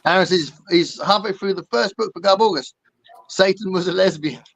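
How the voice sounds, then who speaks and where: A man's voice: high voice, normal speed, vocal fry, a bit bright. An English man hosting a casual podcast chat, reading out viewer comments with frequent ums and laughs. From England. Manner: chatty, laughs often, many ums. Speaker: podcast host.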